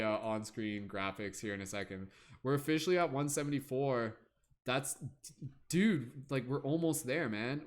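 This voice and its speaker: A man hosting a livestream, chatting casually and playfully to his viewers, humming and scatting filler sounds while he waits. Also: medium pitch. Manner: chatty, playful, hums and scats while waiting. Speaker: livestream host.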